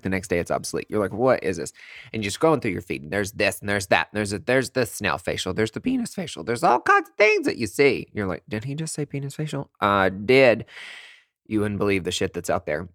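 A man's voice: fairly low pitch, fairly bright tone, dry recording, studio quality. A young man hosting a podcast, talking in a sassy, campy way with big swooping emphasis. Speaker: podcast host and aesthetic provider. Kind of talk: casual monologue.

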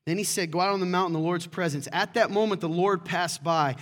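A middle-aged man preaching a sermon as pastor, lively and acting out quoted voices. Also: high-pitched, fast.

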